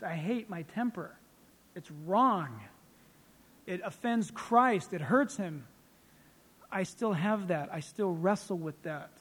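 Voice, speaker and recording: A man preaching a sermon as pastor, animated and acting out little scenes. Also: high voice, breathy edge, in a large hall.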